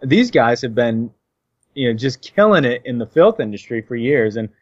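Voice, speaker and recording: A man co-hosting a podcast, ranting sarcastically and halting with many fillers. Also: medium pitch, big pitch swings, darkish tone, no room sound. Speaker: podcast co-host. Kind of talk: casual opinionated banter. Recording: dull, dry lo-fi podcast audio.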